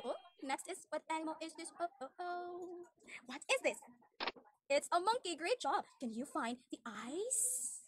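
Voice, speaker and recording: A woman teaching an online English demo lesson to a young child, with exaggerated cheerful praise and slow, simple teacher-talk. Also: very high voice, sharp tone, a little hiss or hum.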